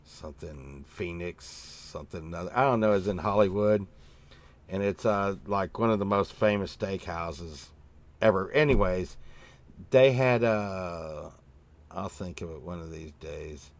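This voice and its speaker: A man with a fairly low voice hosts a loose, chatty show. He rambles from story to story, full of fillers and restarts, throws in a curse here and there, and bumps his voice up when he acts out what he said back then. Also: measured pace. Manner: meandering storytelling with swearing and many fillers; acts out his own past remarks in a raised voice. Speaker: host. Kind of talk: casual rambling chat.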